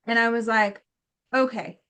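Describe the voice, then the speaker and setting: Woman guest, high-pitched, animated storyteller who acts out every quote, loose and filler-heavy. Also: a little slow, clear, resonant tone. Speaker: guest healer. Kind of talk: storytelling in casual chat.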